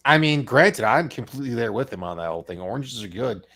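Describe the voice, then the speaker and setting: A man in casual podcast banter who talks in an animated way and slips into quoted voices. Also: medium pitch, fast.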